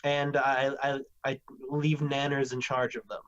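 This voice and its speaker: A man playing a tabletop game, describing his character's actions in a casual, halting way. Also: mid-range voice, little pitch movement, muffled recording, noisy background. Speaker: player.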